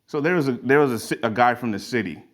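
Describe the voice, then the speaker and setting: A man's voice: mid-range voice, fast talker. Man preaching through folksy stories. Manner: tells stories as parables. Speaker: creative studio owner. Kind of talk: motivational storytelling. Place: garage turned studio.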